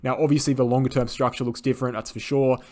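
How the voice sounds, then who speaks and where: Male market analyst, rapid emphatic delivery, mid pitch, lots of fillers. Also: flat delivery, a little mellow. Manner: emphatic, insistent, frequent "right?" and fillers. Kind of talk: chart analysis commentary.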